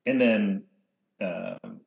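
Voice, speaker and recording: A man co-hosting a podcast in casual chat, rambling and often trailing off into quiet mumbles. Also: low-pitched, drawn-out words, creaky. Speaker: podcast co-host.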